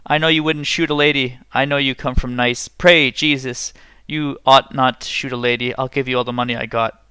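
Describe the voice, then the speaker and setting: A man's voice: medium pitch, steady tone, moderate pace, bright, forceful tone, clean tone, no echo, close to an everyday voice. A man voicing a frightened old grandmother in a story reading, raising his voice as she pleads. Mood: pleading.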